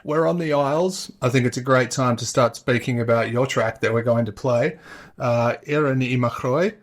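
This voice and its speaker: A man's voice: medium pitch, moderate pace. A man co-hosting a casual podcast, joking and bantering with the guest. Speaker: podcast co-host.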